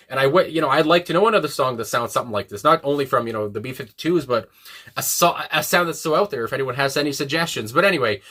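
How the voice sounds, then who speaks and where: A man's voice: a little high, fast talker, pushed and bright. A man casually reviewing a song, rambling and enthusiastic, with many fillers and restarts. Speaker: music reviewer.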